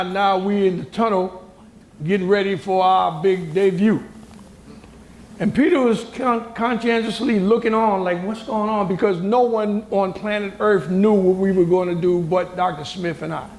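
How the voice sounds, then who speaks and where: Gravelly, high-voiced older man telling a story. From United States. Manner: lively storyteller who acts out other people's words; colloquial and emphatic. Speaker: panel guest. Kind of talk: storytelling at a moderated discussion. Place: university hall. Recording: roomy hall sound.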